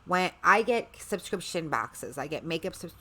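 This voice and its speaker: Bright-toned chatty woman streamer. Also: fairly low pitch, lively intonation, moderate pace. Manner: rambling, chatty, sarcastic asides. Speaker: livestream host. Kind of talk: casual livestream chat.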